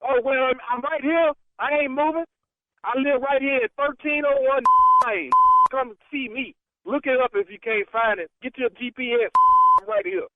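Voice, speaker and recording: A man's voice: very high-pitched, moderate pace. A man on the phone, scoffing and mocking, laughing between his words. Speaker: prank call target. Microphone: phone line. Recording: muffled noisy phone line.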